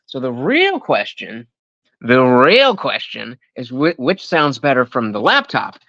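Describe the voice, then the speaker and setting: A man's voice: mid-range voice, huge pitch swings, a little slow, creaky, bright, forceful tone, dry recording, lo-fi sound. Rambling young man streaming casually. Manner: rambling, self-interrupting, jokey. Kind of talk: casual live-stream chat. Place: at home indoors. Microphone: desk microphone.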